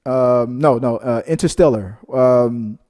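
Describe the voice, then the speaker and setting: A man's voice: mid-range voice, slow pace, mellow. A man co-hosting a reaction channel, chatting casually as he reads out viewer comments, rambling into side stories and then apologizing for them. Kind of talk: casual chat.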